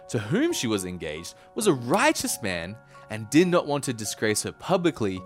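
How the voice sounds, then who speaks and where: A young man giving a casual Bible teaching, chatty and animated, often laughing as he tells the story. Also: medium pitch. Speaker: preacher.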